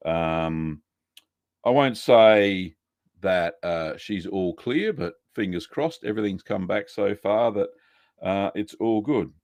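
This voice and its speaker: A man's voice: low-pitched, lively intonation, slow pace, darkish tone, no echo. A middle-aged Australian man hosting a casual live stream, chatty and greeting viewers by name with plenty of fillers.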